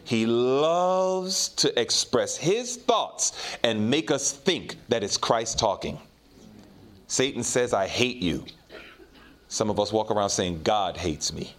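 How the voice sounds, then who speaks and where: Male preacher, sermon delivery, lively pitch, rises for emphasis and drops low for stories. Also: slow pace. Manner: preaches in rising and falling swells, drops low and quiet for personal stories.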